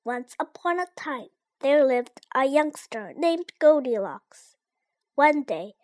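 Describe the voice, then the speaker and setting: A child reading a storybook aloud in a slow, careful way. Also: high voice. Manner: slow, careful read-aloud with lively ups and downs. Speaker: reader.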